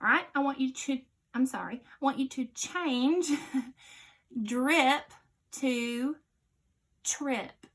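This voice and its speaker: A woman teaching children a phonics lesson, giving slow, clear, patient instructions and dropping to a quiet voice for the answers. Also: sits high.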